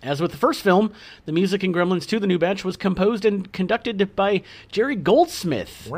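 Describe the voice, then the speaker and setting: A man's voice: high voice, lively intonation, moderate pace. A man co-hosting a casual podcast, reading out film trivia with chatty asides. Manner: reads notes aloud with chatty asides. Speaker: podcast co-host.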